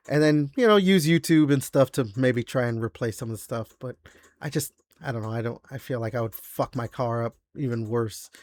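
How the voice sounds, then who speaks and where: A man's voice: mid-range voice, no room sound. Rambling, swearing podcast guy, dry sound. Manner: rambling, swears freely, many fillers and restarts. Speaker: podcast co-host. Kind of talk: casual chat.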